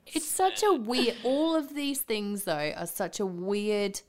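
A woman's voice: medium pitch, sing-song, a little hiss or hum. Teasing, laughing woman. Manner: teasing, quick reactions and laughter. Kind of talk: casual chat.

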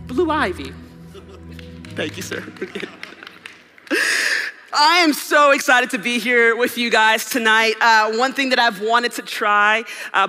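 High-voiced, bright preacher in a hall. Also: male voice. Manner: playful, joking with a live audience. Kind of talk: sermon. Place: church hall with live audience. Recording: reverberant hall with keyboard music.

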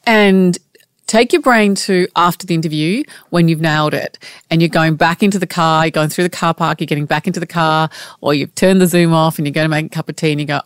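A woman's voice: low voice, no room sound, clean studio sound. A woman co-hosting a podcast, offering upbeat, conversational advice. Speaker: podcast co-host. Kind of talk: encouraging pep talk.

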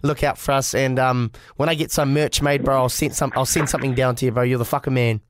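A man's voice: mid-range voice, quick pace, dry recording. A man with a New Zealand accent hosting a podcast in casual, sweary, matey chat. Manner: sweary, animated and matey, calls people bro. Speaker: podcast host.

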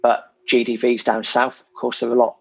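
A man's voice: medium pitch, monotone, moderate pace, creaky, darkish tone, slightly rough, no echo, highs cut off. A man from England chatting casually as a property investor guest, frank and self-deprecating, with plenty of fillers. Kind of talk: casual podcast chat.

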